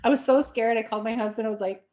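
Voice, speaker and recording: A woman co-hosting a casual chat, telling a story with lively acted-out quotes and frequent laughs. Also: a little high, very fast. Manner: animated storytelling, acts out quoted voices; laughs often. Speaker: podcast co-host.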